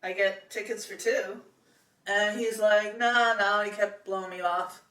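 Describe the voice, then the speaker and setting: In an unhurried, medium-pitched, fairly bright voice with fairly even intonation, a middle-aged woman shares a personal story. She meanders chattily, restarting and using fillers as she goes, recorded in an echoey room a bit away from the mic.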